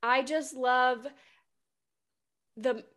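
A woman's voice: sits high, steady tone, drawn-out words, fairly bright tone. A woman co-hosting a casual book podcast, earnestly describing a moment she loved. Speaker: podcast co-host.

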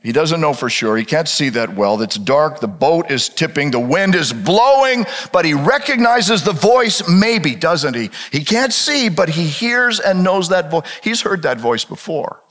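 A man's voice: on the high side, very animated, a little slow, hardly any pauses, a bit bright. A male pastor preaching a sermon with dramatic storytelling and rhetorical questions. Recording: reverberant hall.

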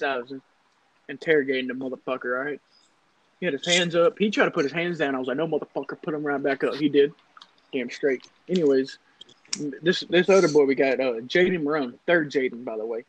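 A young man telling a rambling, profane story to friends in casual chat. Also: on the high side. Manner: profane, rambling, animated anecdote. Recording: noisy casual recording.

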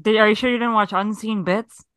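A woman's voice: medium pitch, steady tone, brisk, a bit bright, clean tone, no room sound. A young woman co-hosting a podcast, trading dry jokes and teasing her friend. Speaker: podcast co-host. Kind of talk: casual chat.

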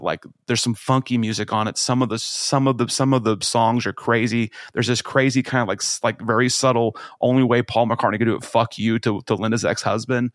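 A man co-hosting a podcast, talking in a rambling, excited way with many restarts, swearing and laughing. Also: medium pitch, dry recording, studio quality. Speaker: podcast co-host. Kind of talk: casual chat.

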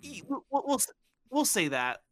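A man from Bosnia, the podcast host, casually telling a childhood story and acting out the people in it with squeaky voices. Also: moderate pace, dry recording. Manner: animated, acts out quoted voices in high squeals.

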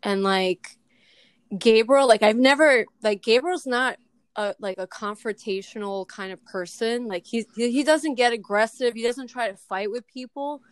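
A woman's voice: fairly high pitch, clear, resonant tone, no room sound. Young New woman telling a story. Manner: fast, filler-heavy storytelling with many "like"s. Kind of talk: casual storytelling chat.

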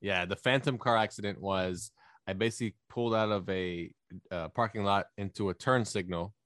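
A man casually telling rambling, animated stories while chatting with friends on a podcast. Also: on the low side, moderate pace, dry recording, clean studio sound. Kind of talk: casual storytelling chat.

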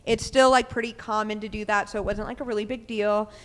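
A young adult woman tells her story on a podcast, candid and unguarded, with plenty of "um"s and "like"s. Her voice is smooth and clear at a middle pitch. It rings out with a long reverb from the room. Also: fairly even intonation, fairly bright tone. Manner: candid, quick retelling with many "um" and "like". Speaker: podcast guest. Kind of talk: casual personal storytelling.

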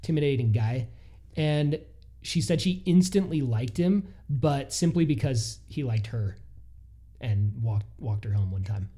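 A man co-hosting a podcast, telling a listener's story in a casual, animated way with frequent laughs. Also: medium pitch. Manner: animated, laughs often, quick asides. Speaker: podcast co-host.

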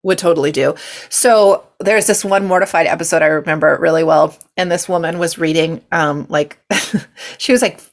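A young woman from California hosts a podcast, her low-pitched voice fairly even in intonation and moderate in pace. Chatty and giggly, she rambles through a casual story full of fillers and asides.

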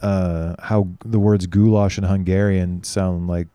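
Man, podcast host, deep, mellow, crude jokes, deadpan. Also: a little slow, smooth, dry recording. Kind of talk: casual podcast banter.

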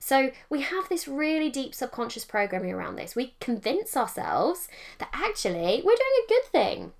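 Lady doing a solo podcast, slightly high voice, chatty, keeps correcting herself. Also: moderate pace, gravelly. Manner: chatty, self-correcting, animated quoted asides. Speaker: podcast host and mindset coach.

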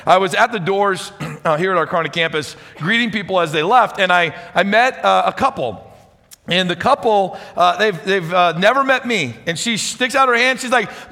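A man preaching a sermon as pastor, chatty and energetic, speaking to a congregation. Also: high voice, normal speed, vocal fry. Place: church hall with audience. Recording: reverberant church hall.

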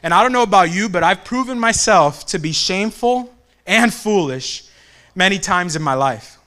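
A man's voice: high voice, normal speed. A young man giving a devotional talk, acting out family quotes as he tells a childhood story. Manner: animated storyteller who acts out family quotes.

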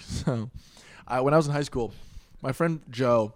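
A man's voice: medium pitch, fairly quick, no echo. A young man in casual chat, telling stories with lots of laughter and acting out voices. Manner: animated storyteller who acts out voices with loud laughs.

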